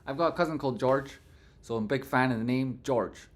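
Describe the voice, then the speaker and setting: A man running a casual live stream, chatting with his viewers and thanking them one by one. He is playful and breaks into silly sung phrases, at a middle pitch for a man. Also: a little fast. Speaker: livestream host.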